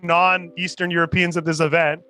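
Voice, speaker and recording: A man from Canada co-hosting a casual political chat, excitable, swearing often and restarting his sentences. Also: fairly high pitch, fairly quick. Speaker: podcast co-host.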